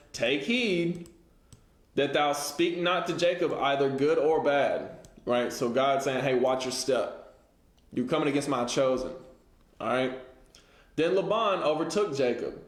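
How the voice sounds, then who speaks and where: Slangy, animated male Bible teacher. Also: on the high side, measured pace. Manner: reads scripture then retells it in slangy everyday talk. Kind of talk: casual livestream Bible lesson, reading scripture aloud. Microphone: livestream setup. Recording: echoey room.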